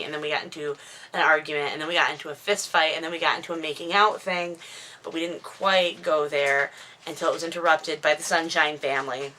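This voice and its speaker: A woman's voice: low-pitched, steady tone, a little fast, bright, forceful tone, a little hiss or hum. A woman in her thirties, talking into a camera at home, recaps her own book in a casual, rambling way full of digressions and self-mocking asides. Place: at home indoors, dog nearby. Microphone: camera microphone.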